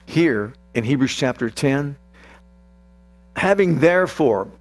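A man's voice: medium pitch, animated, slow. A man preaching a sermon in an earnest voice that rises into fervent prayer. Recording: mains hum behind the voice.

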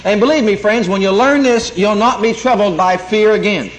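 A man's voice: high-pitched, normal speed. A man preaching a sermon, emphatic and calling out for amens as he teaches. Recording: echoey room, faint noise.

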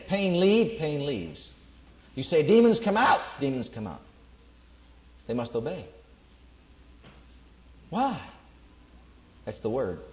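A man preaching a sermon to a congregation, emphatic and repeating his declarations. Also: a little high. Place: church before a congregation. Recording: echoey, dull lo-fi recording.

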